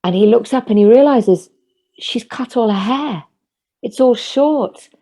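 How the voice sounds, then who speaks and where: A woman telling a folk tale at an online concert over a video call, gentle, measured and vivid. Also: fairly high pitch. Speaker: folk storyteller.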